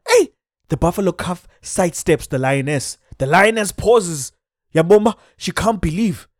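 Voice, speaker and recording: A man with a South African accent telling a comic story in an animated way, dropping in Xhosa exclamations. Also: sits high, normal speed, no room sound, studio quality.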